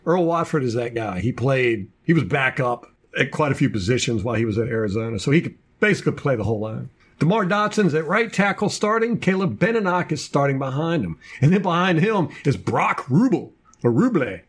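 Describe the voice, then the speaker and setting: A man's voice: medium pitch, expressive, fairly quick, few pauses, husky. A man co-hosting a casual sports podcast, running through a team depth chart with jokey asides. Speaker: podcast co-host.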